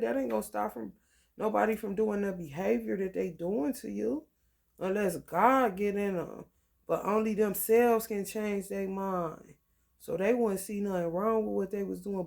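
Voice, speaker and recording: An astrology vlogger talks at an unhurried pace, reading star-sign passages aloud. The pitch sits in a middle register. Between passages come slangy, profane asides. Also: vocal fry. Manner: slangy, swears freely, reads book passages aloud with side comments. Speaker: astrology channel host.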